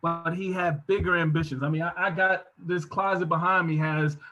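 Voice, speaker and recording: Bright, husky preacher-style man. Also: a little high, steady tone, normal speed, muffled recording. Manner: preacherly, emphatic, rising to shouts. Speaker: guest speaker. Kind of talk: motivational talk. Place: home office.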